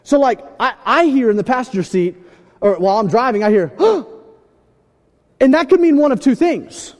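A young man preaching a sermon, telling stories with animated shouts and asides. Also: very high-pitched, brisk. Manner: animated storytelling, acts out scenes with shouts. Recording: long hall reverb.

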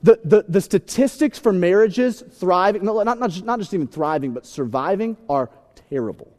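A man preaching a sermon, telling a funny story in an animated, conversational, self-deprecating way. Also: high voice, normal speed. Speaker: pastor. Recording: long hall reverb.

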